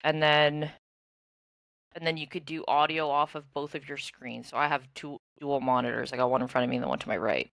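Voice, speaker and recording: A woman's voice: rumbling low, fairly quick, creaky, a bit bright, no echo. A young woman co-hosting a podcast, rambling casually and full of "like". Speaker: podcast co-host and streamer. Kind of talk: casual chat.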